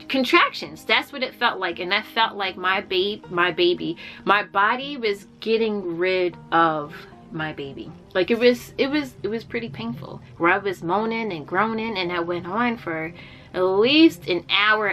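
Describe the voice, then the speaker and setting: Young woman vlogger, bright clear voice, candid heartfelt storytelling, faint music underneath. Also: mid-range voice. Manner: candid and heartfelt, with frequent fillers and restarts. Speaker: vlogger sharing a personal story. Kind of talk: casual personal storytelling.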